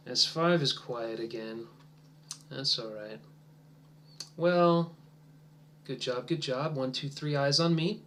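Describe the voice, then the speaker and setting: Slow, bright-voiced man teaching English. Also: mid-range voice, a little hiss or hum. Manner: encouraging, slow and drawn-out, drops to soft near-whispers while waiting. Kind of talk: demonstration lesson for language teachers.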